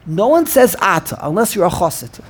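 A man's voice: sits high, animated. Self-correcting man teaching Hebrew accents. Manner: repeats words, self-correcting, drawn-out chanted pronunciations. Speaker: Torah teacher. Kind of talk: Hebrew grammar lesson.

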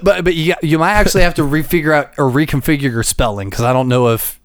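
A man's voice: on the high side, fast, smooth, dry recording. A man hosting a podcast in loose, profane casual chat, laughing often. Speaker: podcast host.

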